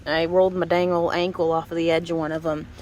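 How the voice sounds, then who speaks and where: A woman's voice: lowish voice, level tone, quick pace, darkish tone, a little hiss or hum. A woman from Missouri, casually talking through a walk around her backyard homestead garden, chatty and folksy, laughing often. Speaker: homestead vlogger.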